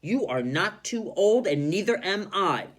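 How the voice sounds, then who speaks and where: A man voicing a cheerful, confident older woman neighbor in a read-aloud storybook, bright and encouraging. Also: high voice, very animated, a little slow, pitched above the performer's own voice, exaggerated voice.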